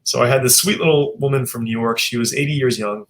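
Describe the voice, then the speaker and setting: A man's voice: mid-range voice, fast talker. A man, a chiropractor guest on a podcast, telling earnest stories with many restarts. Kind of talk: podcast interview chat.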